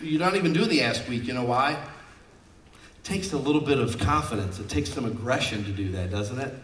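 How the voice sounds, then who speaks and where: A man preaching as a pastor, jokey and exhorting, with sudden loud outbursts, heard from off the microphone in a church hall. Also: mid-range voice, normal speed, recorded from a distance, slight background noise. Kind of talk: sermon. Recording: roomy sound from off-mic.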